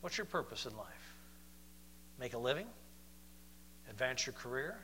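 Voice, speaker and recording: A man preaching a sermon, moving between loud, emphatic declarations and soft, slow, questioning passages. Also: mid-range voice, very animated, long reverb tail, a little hiss or hum.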